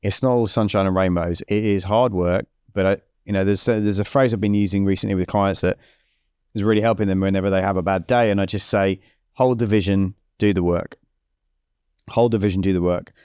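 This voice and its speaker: A man's voice: low-pitched, a little fast, clean tone, dry recording, studio quality. A middle-aged man, a business coach guesting on a podcast, tells stories with energy and acts out the dialogue as he goes, often restarting his sentences. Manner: animated storyteller who acts out quoted dialogue, frequent restarts. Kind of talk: conversational storytelling interview.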